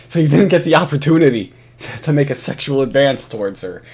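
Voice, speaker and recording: A man's voice: medium pitch, lively intonation, moderate pace, darkish tone, breathy edge. A man giving casual reaction commentary over footage, profane and mocking, often laughing.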